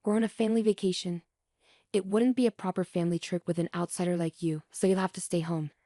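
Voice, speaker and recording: A smug, domineering older mother-in-law from a read-aloud revenge story, as a woman narrator puts her on. The voice sits low and mellow and is recorded dry and close. She talks down to others with a mocking edge. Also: fairly even intonation, fast talker, no echo, close to an everyday voice.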